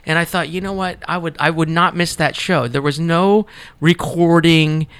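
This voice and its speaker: A man's voice: on the high side, fairly even intonation, moderate pace, a bit bright, smooth, no echo. A man who is a podcast guest, telling a story casually and with animation, packed with fillers.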